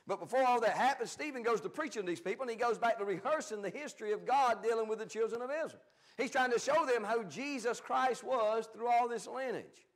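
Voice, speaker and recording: A pastor preaching a Bible study sermon in a folksy, plain-spoken way, swinging between loud emphatic bursts and quiet asides. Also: male voice, extremely high pitch, a little fast.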